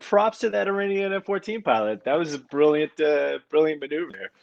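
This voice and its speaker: A man's voice: fairly high pitch, fairly quick, vocal fry, muffled recording, slight background noise. A man, a former Navy pilot, chatting as a guest on a podcast in an easygoing way. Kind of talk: casual interview chat.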